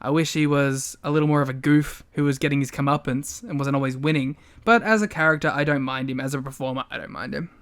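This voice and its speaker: A man's voice: medium pitch, fast talker, hardly any pauses, fairly bright tone, smooth. A man co-hosting a podcast in casual chat, with wry, self-mocking remarks and frequent laughter. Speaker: podcast co-host.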